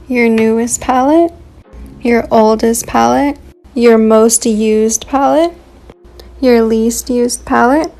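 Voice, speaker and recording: A woman runs through a list of challenge prompts in an upbeat, list-like way. Her voice is slightly high. Faint music plays behind her. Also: darkish tone. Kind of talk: social media challenge prompt.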